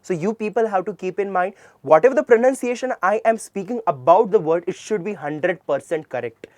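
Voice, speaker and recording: A man's voice: high-pitched, animated, brisk, darkish tone, no echo. A man with an Indian English accent teaching English pronunciation. He spells words out letter by letter and repeats them with emphasis. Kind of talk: classroom lecture.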